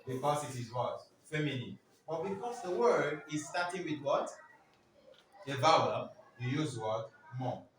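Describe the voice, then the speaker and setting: A man's voice: on the high side, expressive, a little slow, crowd noise. A man teaching French to a class, prompting students with questions and drilling words for them to repeat. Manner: keeps asking the class "what?" for them to fill in answers. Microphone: far from the speaker. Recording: very echoey room, distant mic, faint noise.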